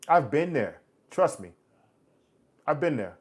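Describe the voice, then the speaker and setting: A man in his forties hosts a casual livestream chat, speaking slowly in a slightly high, very animated voice. He answers viewers' comments bluntly and preaches at them, calling them "bro" and "man" in American street talk.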